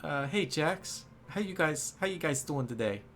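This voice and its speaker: Man playing a chummy female cat waitress, raised pitch, chatty and familiar. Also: expressive, normal speed, a bit bright, a little hiss or hum. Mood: friendly.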